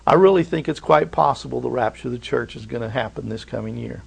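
A man's voice: medium pitch, quick pace, gravelly, slightly rough. A middle-aged man preaching a prophecy sermon, emphatic and repetitive, with rhetorical questions and folksy asides.

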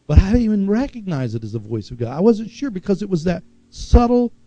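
A man's voice: high voice, sing-song, brisk, warm tone, no echo, highs cut off. A middle-aged man preaching a sermon in a conversational way, reading scripture aloud with asides.

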